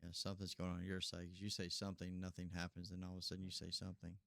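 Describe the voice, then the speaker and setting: A man's voice: low voice, completely flat delivery, very fast, vocal fry, a bit bright, no echo. A man co-hosting a casual podcast who jokes around in slangy banter and checks on the recording. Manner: joking, slangy. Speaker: podcast co-host.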